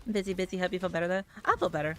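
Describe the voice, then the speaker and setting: Young woman streaming games, a bit sick and rough, chill and jokey, swears a lot. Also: lowish voice, steady tone, very fast, bright, forceful tone. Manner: laid-back, self-mocking, swears casually. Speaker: VTuber streamer. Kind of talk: casual livestream chat.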